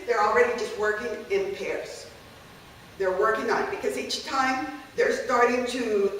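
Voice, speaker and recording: A woman's voice: mid-range voice, a little hiss or hum. A woman teacher giving a conversational workshop talk on classroom activities, often checking in with the audience. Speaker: language teacher presenting a workshop. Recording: echoey room, voice from a distance.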